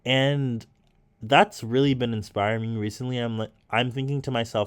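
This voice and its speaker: A man's voice: medium pitch, steady tone, normal speed. A man talking casually and thoughtfully to his viewers while he paints, musing and encouraging himself. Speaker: artist and vlogger.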